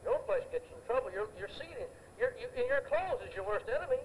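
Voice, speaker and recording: Emphatic high-voiced male preacher. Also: very animated, fast, slight background noise, low-quality recording. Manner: emphatic, anecdotal, repeats phrases for effect. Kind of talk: sermon.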